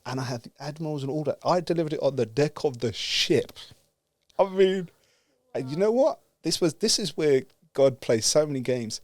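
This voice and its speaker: Animated storytelling man, dry close sound. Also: on the high side, moderate pace, no room sound. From United Kingdom. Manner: lively, acts out quoted dialogue, laughs. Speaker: guest speaker.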